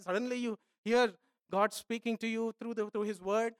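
A man preaching a sermon as pastor, emphatic, repeating phrases and swinging from soft asides to loud pleading. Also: very high-pitched, fast, clean tone, no room sound, clean studio sound.

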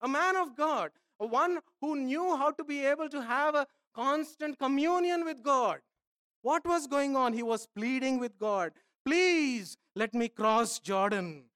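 A man's voice: extremely high pitch, unhurried, no echo, studio quality. Emphatic male pastor preaching. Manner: emphatic, repeats phrases, swings from soft asides to loud pleading. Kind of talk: sermon.

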